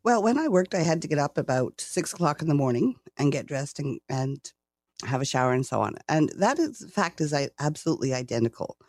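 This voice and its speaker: A woman's voice: low voice, very animated, a little fast, a little mellow, no room sound. A Canadian woman in her sixties, recently retired, chatting as an interview guest with frequent laughs. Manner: chatty, laughs often, self-deprecating. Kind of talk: casual interview chat.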